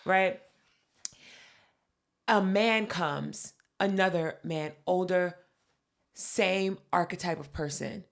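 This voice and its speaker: Animated, profane woman podcast host. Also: fairly low pitch, slow pace, gravelly, long pauses. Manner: animated, profane, acts out quotes. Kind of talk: casual chat, storytelling.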